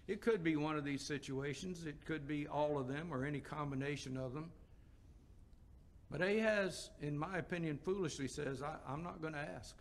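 Gravelly-voiced male preacher. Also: a little high. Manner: expository preaching with scripture quotes and rhetorical questions. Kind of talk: sermon.

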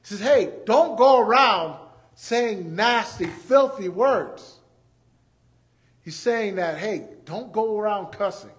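High-voiced guy preaching, acts stuff out, keeps repeating the main point. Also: takes it slowly. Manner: animated, acts out everyday scenes; repeats key phrases for emphasis. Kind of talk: sermon.

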